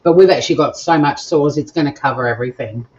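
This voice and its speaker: A woman's voice: deep voice, fast, lo-fi sound. Bubbly Australian woman cooking live. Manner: bubbly, chatty, talks to viewers while cooking. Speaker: cooking show host. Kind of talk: live-streamed cooking chat. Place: home kitchen.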